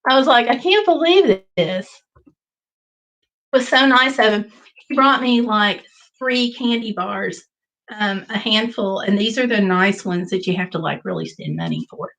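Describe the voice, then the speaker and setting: A woman hosting a casual livestream, telling a travel story in an animated way and reading viewer comments aloud. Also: a little high, a little slow, poor audio. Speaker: livestream host. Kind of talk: casual live chat.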